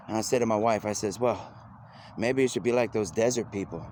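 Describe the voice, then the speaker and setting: A man rambling excitedly in an outdoor monologue, repeating himself as he goes. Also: fairly low pitch, moderate pace, long pauses. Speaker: video blogger. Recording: noisy outdoor recording.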